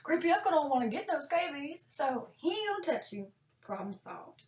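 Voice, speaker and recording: A woman giving sassy, deadpan, folksy comic advice in a monologue. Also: high-pitched, moderate pace. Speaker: parenting comedy vlogger. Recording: echoey room, distant mic.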